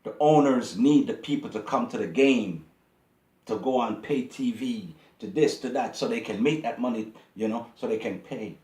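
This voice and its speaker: A man's voice: mid-range voice, moderate pace, darkish tone, roomy sound. A man hosting his own channel, talking straight to his viewers in a casual, indignant monologue that repeats itself. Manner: indignant, preachy, repeats himself. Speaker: YouTube channel host.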